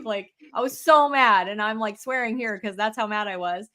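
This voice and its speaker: A woman co-hosting a podcast in casual video-call chat, animated and blunt, swearing when heated. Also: mid-range voice, normal speed, few pauses. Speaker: podcast co-host.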